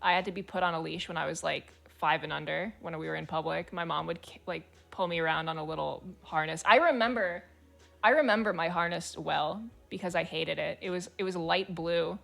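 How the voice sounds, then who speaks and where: Gravelly-voiced woman streamer, blunt and casual. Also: on the low side, brisk, a bit bright, soft background music. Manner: blunt, swears freely, laughs mid-sentence. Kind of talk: casual livestream chat reading forum posts aloud.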